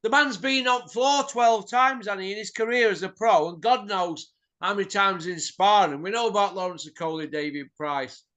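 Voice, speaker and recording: Man, middle-aged, high voice, blunt, heated, swearing. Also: pushed and bright. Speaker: boxing pundit host. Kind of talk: opinionated ranting chat.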